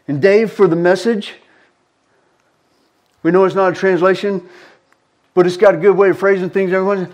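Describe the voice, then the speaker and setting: A man's voice: high-pitched, steady tone, moderate pace, long pauses. A man with a Southern US accent preaching a fervent sermon, repeating words for emphasis. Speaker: pastor.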